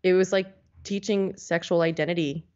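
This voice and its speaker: A woman co-hosting a podcast in casual chat, reacting quickly and animatedly. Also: on the low side, steady tone, darkish tone, highs cut off. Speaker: podcast co-host.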